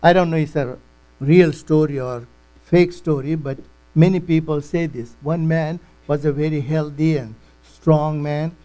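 A man's voice: fairly high pitch, steady tone, a little slow, dark tone, low-quality recording. A man preaching a sermon in emphatic, non-native English, repeating words for weight.

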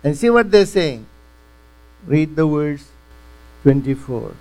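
A man's voice: fairly high pitch, lively intonation, slow, a little mellow, rough recording. A man teaching a Bible lesson, retelling scripture in simple everyday words. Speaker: preacher.

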